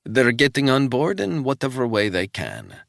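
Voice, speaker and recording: A man voicing a confident female agent who speaks in a brisk, knowing, slightly teasing way. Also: mid-range voice, huge pitch swings, creaky, fairly bright tone, dry recording, studio quality, voice pushed up, exaggerated voice.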